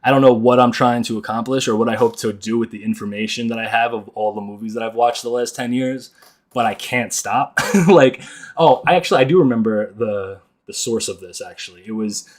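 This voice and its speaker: A man's voice: medium pitch, fairly quick. A man hosting a podcast, rambling casually with lots of filler words and self-amused laughs. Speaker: podcast host.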